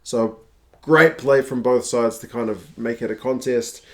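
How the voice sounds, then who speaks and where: A man at a middle pitch talks through a rugby match in an easygoing, conversational way. He recaps each play in order and drops in the odd "uh" as he goes. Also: steady tone, unhurried. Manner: conversational, recaps plays step by step with frequent "uh". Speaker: channel host reviewing a rugby match. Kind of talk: casual match review.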